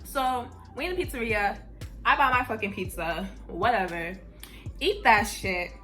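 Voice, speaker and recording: A woman's voice: medium pitch, unhurried, faint music behind. A young woman telling a story in a casual, blunt way, full of "like" and swearing. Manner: animated, heavy use of "like", blunt and profane. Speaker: vlogger.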